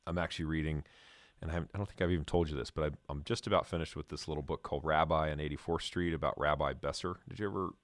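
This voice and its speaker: A man with a very deep voice chats easily as an interview host, joking at his own expense and trailing off into fillers. The sound is dry and close to the mic. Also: fairly even intonation, racing, dry recording. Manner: chatty, self-deprecating, many fillers. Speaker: podcast host. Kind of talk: casual interview chat.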